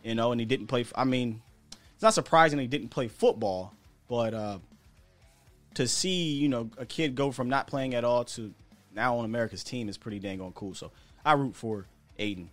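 A man from the United States riffs through casual sports talk as host, candid and slangy, chuckling between points. His voice sits at an ordinary middle pitch and comes across close and dry. Soft music plays faintly underneath. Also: moderate pace, dry recording. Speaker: podcast host.

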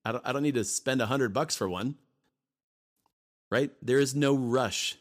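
A man's voice: mid-range voice, normal speed. A man co-hosting a podcast, talking casually and emphatically, often repeating himself and briefly acting out voices. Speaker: podcast co-host.

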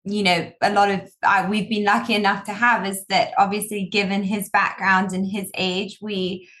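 A woman's voice: medium pitch, flat delivery, normal speed, a bit bright. A young woman speaking in an interview, talking in long rambling sentences about her design partner. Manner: rambling, full of fillers and restarts. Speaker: designer, guest. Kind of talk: casual interview chat.

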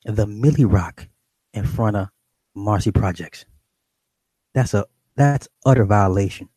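A man's voice: on the low side, measured pace, mellow, husky, dry recording. A middle-aged man streaming to his viewers in a casual, profane rant, repeating and restarting phrases as he goes.

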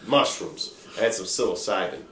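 Podcast host, man, casual and profane, slightly deep, roomy recording. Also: lively intonation, moderate pace, fairly bright tone. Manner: loose, profane, rambling retelling. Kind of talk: casual storytelling chat. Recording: roomy room with faint noise.

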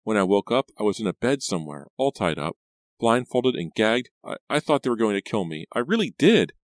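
A man's voice: on the low side, very animated, brisk, dry recording, clean studio sound, voice pushed up. A man voicing a frightened, shaky teenage girl in an audiobook, stammering and fretful. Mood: tearful.

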